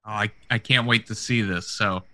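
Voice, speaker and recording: A man with a lowish voice and a bright, forceful tone hosts a casual interview. He asks friendly, enthusiastic questions. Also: steady tone, normal speed. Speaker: interviewer, podcast host.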